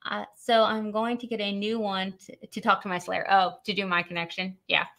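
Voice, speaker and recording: Upbeat, bright-voiced woman hosting a live stream. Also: medium pitch, little pitch movement, moderate pace, creaky. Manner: chatty and upbeat, reads viewer questions aloud and laughs often. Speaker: host of a live product demo.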